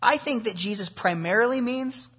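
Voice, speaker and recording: A man's voice: very high voice, moderate pace, breathy edge. A man preaching an expository sermon, explaining a passage verse by verse and asking rhetorical questions. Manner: animated, with rhetorical questions and asides.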